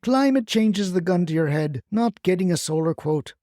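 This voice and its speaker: A woman's voice: on the low side, animated, moderate pace, mellow, no echo, clean studio sound, close to an everyday voice. A performer voicing a feisty retired grandmother who rants bluntly and swears as a crusader for solar panels. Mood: ranting. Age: older. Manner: brash, scolding, blunt swearing. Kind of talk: comic audio storytelling.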